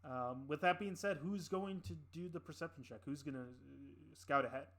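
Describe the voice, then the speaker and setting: A man narrating an improvised tabletop game as dungeon master, pausing with many fillers and restarts. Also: fairly high pitch, fairly bright tone.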